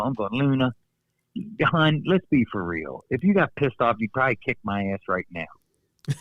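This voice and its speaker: Animated man telling wrestling stories. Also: medium pitch, normal speed, no room sound, narrow, tinny audio. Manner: animated storyteller, acts out quotes, laughs often. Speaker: guest, former wrestler. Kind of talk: casual storytelling interview.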